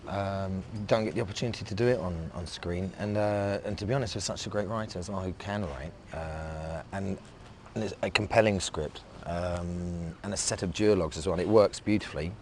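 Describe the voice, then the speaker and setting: Deep-voiced English man, halting and reflective. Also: slight background noise. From England. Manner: halting and reflective, restarting sentences often. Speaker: actor being interviewed. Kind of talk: casual interview talk.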